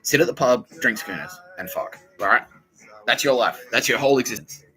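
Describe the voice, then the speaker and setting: A man's voice: medium pitch, very animated, a little fast, bright, forceful tone, faint music behind, rough recording. An Australian man hosting a podcast in a profane comedic rant, swearing, laughing and putting on mocking voices. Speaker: podcast host.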